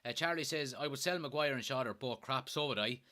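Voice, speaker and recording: An Irish man with a Kilkenny accent hosts a live football watchalong, his voice bright and forward. He reads out viewer comments and vents in fed-up, swearing bursts at his team. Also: mid-range voice, brisk. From Ireland. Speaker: fan watchalong host.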